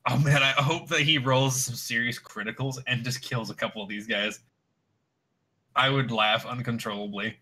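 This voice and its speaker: A man playing a tabletop role-playing game, excitable and laughing often as he describes his schemes. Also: mid-range voice, moderate pace. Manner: excitable, laughing, tells stories with relish. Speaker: player.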